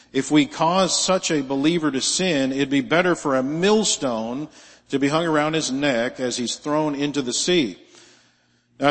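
A man's voice: mid-range voice, big-room sound. A man preaching a sermon in a conversational way, with asides and rhetorical questions.

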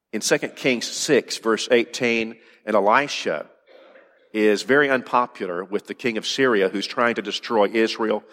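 A man preaching a sermon, earnest, moving between urgent rising questions and soft, calm passages. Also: on the low side, in a large hall.

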